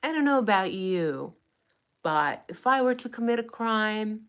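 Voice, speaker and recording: A woman's voice: mid-range voice, lively intonation, a little slow, smooth. A young adult woman giving blunt, sarcastic true crime commentary in a casual livestream, swearing freely.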